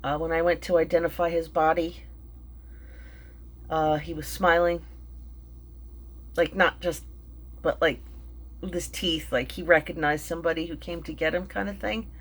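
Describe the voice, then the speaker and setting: A middle-aged woman telling an emotional personal story, halting, with many fillers and restarts, and sounding tearful and shaken. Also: sits low, steady tone. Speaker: vlogger and mindfulness teacher.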